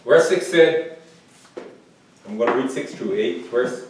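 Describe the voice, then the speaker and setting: A man's voice: animated, measured pace, pauses often. A male pastor preaching a sermon, reading scripture aloud and often asking the congregation "Amen?". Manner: preaching, rises loud and high reading scripture. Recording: echoey hall from far off.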